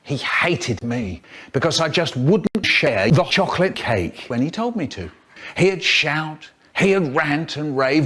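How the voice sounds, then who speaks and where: An older man giving a playful, animated recitation of comic spoken-word rhymes in a storytelling manner. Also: fairly high pitch, takes it slowly, slightly rough.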